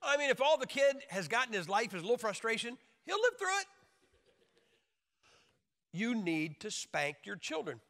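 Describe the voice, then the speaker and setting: A man preaching a sermon in an emphatic, joking way, now and then mimicking wailing babies with high shouts. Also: expressive, fairly quick, few pauses. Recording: long hall reverb.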